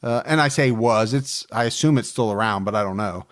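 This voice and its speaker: A man's voice: fairly low pitch, a little fast, a bit bright. Guy in his 40s on a true crime podcast, casual storytelling, jokes around, lots of uh and you know. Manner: storytelling, joking, many fillers. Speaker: podcast co-host.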